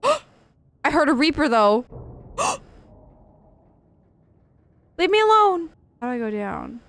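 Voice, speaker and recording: This gaming streamer's voice is high-pitched and a bit bright, swooping wildly in pitch at a slow pace. She gives nervous, jumpy let's-play commentary, cursing frequently and gasping at every scare.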